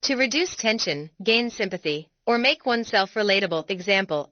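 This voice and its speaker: A woman giving a scripted explanatory narration for an educational video, reading in a measured, deliberate way. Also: mid-range voice, animated, no echo, lo-fi sound.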